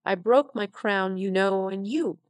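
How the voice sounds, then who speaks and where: A woman's voice: mid-range voice, unhurried, no room sound, close to an everyday voice. A synthetic-voiced woman reading the part of an awkward young man who stammers and turns teasing. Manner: stammering, then carelessly teasing.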